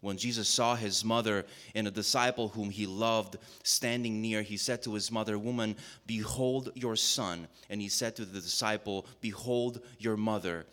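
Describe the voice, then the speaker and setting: Deep-voiced man reading scripture solemnly. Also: steady tone. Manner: measured, reverent reading with slowed emphasis; announces each passage in a dropped, quiet voice. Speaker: scripture reader.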